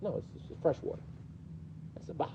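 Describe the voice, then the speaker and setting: A man's voice: a little fast, warm tone, muffled recording, a little hiss or hum. A man with a New York accent teaching a mosque class, questioning his students in a conversational way. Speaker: teacher explaining hadith.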